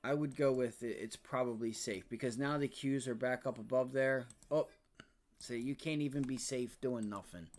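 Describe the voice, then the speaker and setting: A young man hosting a live day-trading stream, ranting and swearing about the market, swinging between loud outbursts and low muttering. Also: steady tone, moderate pace. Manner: frustrated, profane, ranting about price action. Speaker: day trading livestream host.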